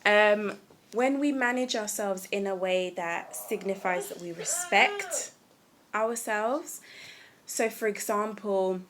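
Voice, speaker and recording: A woman speaking at home in a casual self-help talk, gentle and earnest, often restarting her sentences. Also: mid-range voice, lively intonation, slow pace. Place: at home with a small child nearby.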